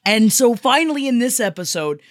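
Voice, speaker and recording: A woman's voice: a little high, very animated, fairly quick, no room sound, studio quality. A woman co-hosting a podcast in casual chat, emphatic, dramatic and playful. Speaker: podcast co-host.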